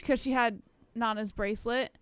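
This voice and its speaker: A woman's voice: fairly high pitch, steady tone, normal speed, smooth, no echo. A woman co-hosting a casual podcast chat, chatty and retelling family moments by quoting what people said.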